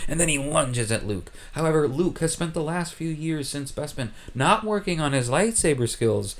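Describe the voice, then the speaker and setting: Lively comedic male narrator. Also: a little high. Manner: deadpan, playful storytelling with quick asides.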